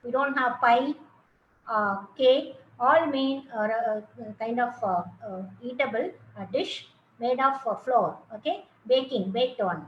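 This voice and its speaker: A woman from India, a college lecturer, giving a lecture on translation in a halting way with many fillers. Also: high-pitched, a little hiss or hum. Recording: dull, echoey room recording.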